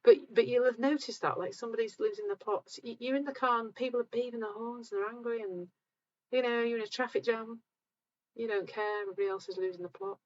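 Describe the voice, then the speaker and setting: A calm, gentle woman hosting a live session, talking reassuringly to viewers while sounding a bit tired. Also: on the high side, fast talker, highs cut off. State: tired, low energy. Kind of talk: live-stream talk answering viewer comments.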